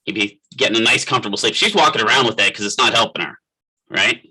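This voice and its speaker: Husky, bright-toned male lecturer. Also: on the low side, fast, poor audio. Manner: conversational, quizzes the class by name. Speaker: physical therapist assistant instructor. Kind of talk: classroom lecture. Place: classroom.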